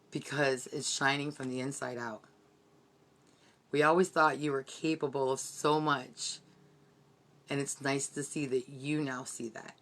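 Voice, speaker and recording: A woman's voice: extremely low pitch, steady tone, a little slow. A woman giving an earnest, heartfelt motivational team training from her bedroom. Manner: earnest, heartfelt, repetitive pep-talk.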